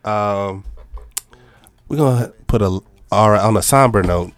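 A man co-hosting a casual podcast, slangy and excitable, sometimes breaking into shouts. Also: fairly low pitch, a little slow. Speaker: podcast co-host. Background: faint music playing.

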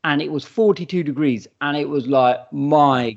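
Fast animated man. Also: on the high side. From England. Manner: animated, storytelling, jokey. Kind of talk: casual banter. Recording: dull lo-fi recording.

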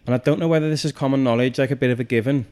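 A man of medium pitch hosts a relaxed interview. He asks brief questions and shares reflective thoughts in a conversational way. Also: very fast.

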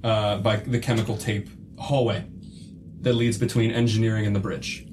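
A man narrating a tabletop role-playing game as game master, describing scenes in a measured way. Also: lowish voice, level tone, a little mellow, slight background noise.

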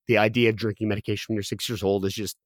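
A man in his thirties, a podcast guest, telling a personal story quickly with many restarts and fillers. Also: fairly low pitch, flat delivery, dry recording. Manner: rapid, with frequent restarts and fillers.

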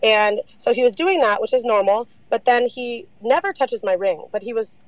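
A young woman telling her story in a casual interview, animated, saying "like" a lot and swearing freely. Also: on the high side, moderate pace, no echo, rough recording.

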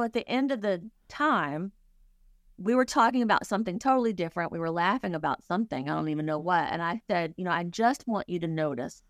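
A woman's voice: mid-range voice, dry recording, studio quality. A middle-aged woman, a grief counselor, speaking candidly and earnestly in a conversational interview, acting out her own past thoughts as she talks.

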